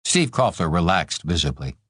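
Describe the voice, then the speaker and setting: A deep-voiced man narrating an audiobook with measured, expressive storytelling. His pitch rises and falls in a lively way, and the recording is dry and close. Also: husky, dry recording. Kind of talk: scripted narration.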